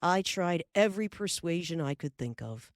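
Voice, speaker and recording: A woman's voice: on the low side, lively intonation, moderate pace, no room sound, clean studio sound, close to an everyday voice. A woman voicing a hearty middle-aged frontier father telling a tale in a folksy drawl. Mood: lively.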